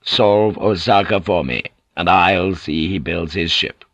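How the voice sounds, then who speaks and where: A shrewd, weary old warlord, played by a male narrator, speaks in a low, measured voice. He weighs every word and commands quietly, recorded dry and close. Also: dry recording, heavily acted. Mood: calculating, intimate.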